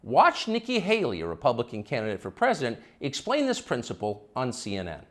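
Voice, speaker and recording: Sarcastic male host with wild pitch swings. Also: huge pitch swings, brisk. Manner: sarcastic, mocking delivery with sudden high swoops. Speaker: commentary show host. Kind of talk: scripted opinion monologue.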